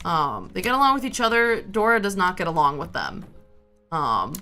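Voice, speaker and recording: A woman's voice: lowish voice, very animated, normal speed, sharp tone, soft background music. A woman livestreamer chatting casually with her viewers while she plays a game, rambling from topic to topic. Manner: chatty and rambling, talks to chat. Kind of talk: casual chat while gaming.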